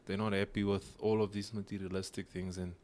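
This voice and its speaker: Low-voiced man, earnest and rambling. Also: level tone, fairly quick, darkish tone. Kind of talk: casual podcast chat.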